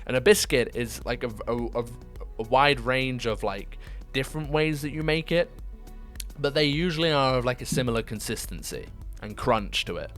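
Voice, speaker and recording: A young man with a British accent, talking easily to his stream chat at a middle pitch. He chats loosely, laughs a lot, and his voice shoots up when something surprises him. Faint music plays underneath. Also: expressive, normal speed, fairly bright tone. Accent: British English. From United Kingdom. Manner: chatty, laughs often, bursts into high-pitched disbelief. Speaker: livestreamer. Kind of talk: casual chat with stream viewers.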